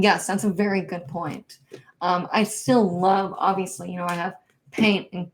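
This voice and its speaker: A woman's voice: fairly low pitch, fairly even intonation, a little slow. A woman hosting a live stream for her hoop dance channel, chatting casually and reading viewer comments aloud, with lots of fillers.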